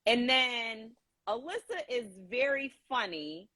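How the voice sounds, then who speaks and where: A woman hosting a live video call, chatting casually, animated and swearing freely. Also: a little high, unhurried. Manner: animated, swears casually, quotes people in put-on voices. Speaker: host of a live stream. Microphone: phone on a live video call.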